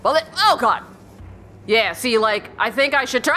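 A woman playing a horror game and commenting as she goes, jumpy, yelping when startled and muttering quietly when she is tense, often calling to her in-game dog. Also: a little high, sing-song, a little slow, pauses often, background noise. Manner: jumpy, yelps and shrieks, then drops to a hushed mutter. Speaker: let's play streamer.

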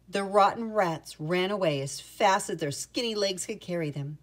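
A woman reading a children's picture book aloud with an expressive storytelling manner. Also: lowish voice, moderate pace, hardly any pauses.

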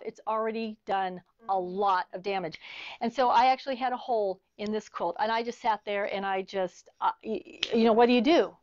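A woman's voice: fairly high pitch, dry recording, highs cut off. A middle-aged woman teaching an online sewing class, chatty, telling stories as she demonstrates. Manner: chatty, storytelling asides. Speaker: sewing instructor.

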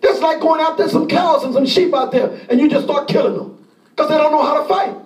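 A pastor preaches an impassioned sermon, often shouting and acting out the pleas of the people he describes. His voice is very high-pitched and fairly quick, and the sound is roomy, picked up by a distant mic.

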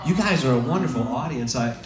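A man's voice: medium pitch, animated, quick pace. A man, a songwriter, telling loose, joking stories to a live audience between songs. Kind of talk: stage storytelling between songs. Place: live music venue, on stage. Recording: echoey live room, heard from a distance, loud music.

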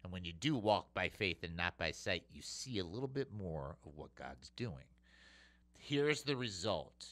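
A man hosting a radio show and preaching emphatically, swinging between loud and hushed delivery. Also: low voice, sing-song, measured pace. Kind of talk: radio Bible teaching.

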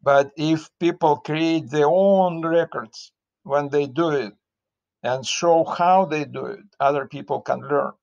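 Russian-accented male interviewer, unhurried and searching, slightly raised pitch, dull lo-fi audio. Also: vocal fry, darkish tone. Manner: slow and searching, with many restarts. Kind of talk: online interview chat.

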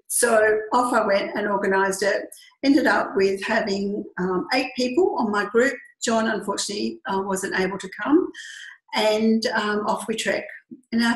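A middle-aged woman from Western Australia with an Australian accent, a group tour leader earnestly telling a personal story and acting out the dialogue. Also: mid-range voice. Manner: earnest, reflective, acts out quoted dialogue. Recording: echoey room.

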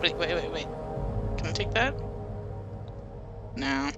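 A woman's voice: fairly low pitch, takes it slowly. A woman casually commenting as she plays a game, chatting, muttering and humming to herself as she explores. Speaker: let's play gamer. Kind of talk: casual let's play commentary. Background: game music.

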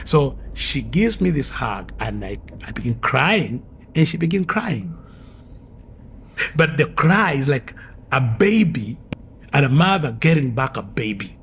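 Man, earnest testimony storytelling, mid-pitched, vivid and repetitive, faint noise behind. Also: sing-song, unhurried, fairly bright tone. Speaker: former occultist giving testimony.

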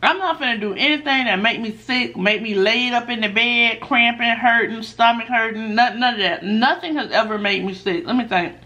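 A woman chatting casually while she eats on camera, reading viewer questions aloud and answering in a laid-back, animated way that often breaks into laughs. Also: fairly high pitch, moderate pace, few pauses, muffled recording. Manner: animated, laughs often when telling stories. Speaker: mukbang vlogger.

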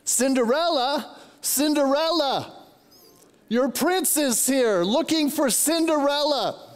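Older man doing a teasing storybook prince, voice lifted high and sing-song, big reverberant hall. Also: animated, slow, exaggerated voice. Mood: playful. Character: playful fairy-tale prince, grown man. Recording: long reverb in a large hall.

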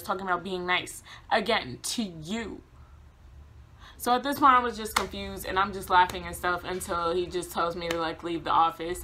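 A young woman vlogger telling a casual storytime, animated, laughing often and acting out quotes. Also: mid-range voice, a little hiss or hum.

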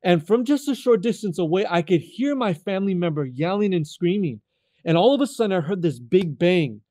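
A man in his thirties from California, telling his life testimony as a guest in an earnest, halting way, often repeating words as he restarts. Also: high-pitched, lively intonation, warm tone, no room sound, studio quality. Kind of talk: personal testimony storytelling.

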